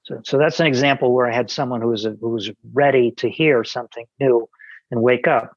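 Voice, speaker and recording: A man's voice: mid-range voice, steady tone, a little fast, no echo, muffled recording. A man, a podcast guest, telling an anecdote in casual conversation, with many restarts and quoted dialogue.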